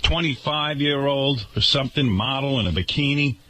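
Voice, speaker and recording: A man's voice: mid-range voice, measured pace, noisy background. A man hosting a radio talk show, ranting indignantly and sarcastically.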